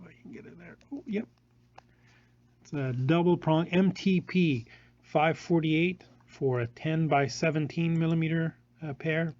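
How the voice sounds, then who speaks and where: A man's voice: on the high side, highs cut off. Rambling man hosting a product showcase. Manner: rambling, with many fillers and restarts. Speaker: jewelry showroom host. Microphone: phone.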